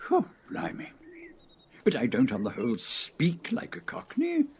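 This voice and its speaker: A man's voice: fairly high pitch, huge pitch swings, a little slow, slight background noise, full character voice. An actor playing a courteous, forgetful man in his eighties in a radio comedy, talking hesitantly and genteelly. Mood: bemused. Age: 80s. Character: forgetful elderly man, 80s, mild and courteous.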